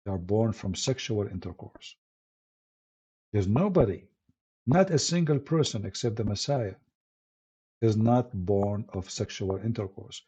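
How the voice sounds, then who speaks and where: A man's voice: fairly low pitch, expressive, measured pace, pauses often, dark tone, husky. A man with an Arabic accent hosting a live stream, speaking as an apologist in an emphatic, combative way with broken phrasing and restarts. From Middle East. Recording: dull lo-fi stream audio.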